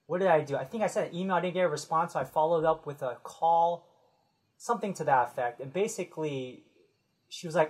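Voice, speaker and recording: Host, husky timbre, loose chatty delivery that rambles and self-corrects. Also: medium pitch, brisk, a little mellow, rough recording. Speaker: podcast host. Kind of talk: casual podcast chat.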